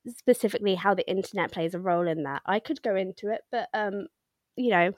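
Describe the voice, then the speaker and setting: A woman co-hosting a podcast, talking in a relaxed, deadpan way with plenty of ums. Her voice sits at a middle pitch. The sound is dry and close, with no room echo. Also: a little fast. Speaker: podcast co-host. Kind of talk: casual chat.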